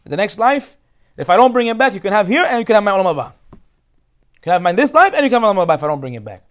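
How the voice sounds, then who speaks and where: A man's voice: sits high, very animated, very fast, pitched above the performer's own voice. A man voicing a fierce older brother who vows and then rages, as he retells a story in a Torah class. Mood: pleading vow.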